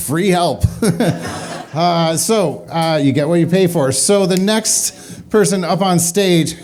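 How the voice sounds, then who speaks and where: A man hosting a small comedy open mic, chatting loosely with the room and laughing at his own asides. His voice sits a bit high for a man, and he wanders from thought to thought between introductions. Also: takes it slowly, a little mellow. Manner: rambling, self-deprecating, laughs often. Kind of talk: casual emcee banter. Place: small venue with audience.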